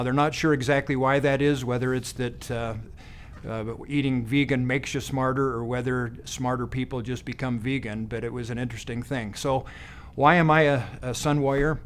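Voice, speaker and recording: A man in his fifties, a doctor, telling stories from his practice in a folksy way, halting often with fillers and restarts. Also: medium pitch, slight background noise. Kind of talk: testimonial monologue.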